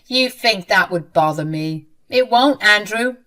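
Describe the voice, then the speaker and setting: A woman's voice: mid-range voice, expressive, measured pace, pushed and bright. A woman voicing a sneering, cruel sister-in-law. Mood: spiteful. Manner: sneering, cutting.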